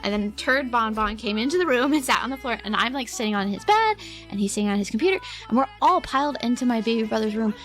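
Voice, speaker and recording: A woman's voice: a little high, lively intonation, fast talker, a bit bright, soft background music. Rambling young woman streamer, light voice. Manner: rambling, giggly, heavy use of "like". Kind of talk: casual storytelling to a live chat.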